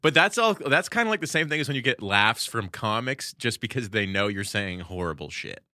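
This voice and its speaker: A comedian co-hosting a podcast, chatting casually with crude, deadpan teasing. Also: male voice, medium pitch, brisk, no room sound, studio quality.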